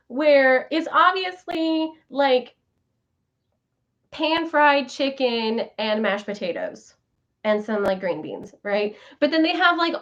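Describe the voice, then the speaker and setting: A woman's voice: high-pitched, muffled recording. A woman in her thirties hosting a casual live chat with her viewers, bubbly and giggly as she answers their comments. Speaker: vlogger host.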